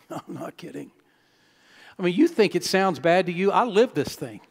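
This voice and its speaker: A male pastor preaching a sermon, telling a personal story and building to loud, emphatic peaks. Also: high-pitched, animated, measured pace, creaky, husky. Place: church sanctuary. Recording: long church-hall reverb.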